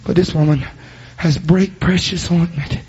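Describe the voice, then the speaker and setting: A man preaching a sermon, building into loud shouted, chanted passages. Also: a little high, steady tone, a little slow, slightly rough, lo-fi sound.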